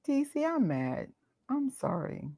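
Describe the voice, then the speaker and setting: A woman's voice: high voice, big pitch swings, takes it slowly, dark tone, no echo. A woman hosting a live movie watch party, ranting emotionally in outbursts and joking with frequent laughs. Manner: emotional and exclaiming, rants in outbursts. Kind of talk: live movie reaction chat.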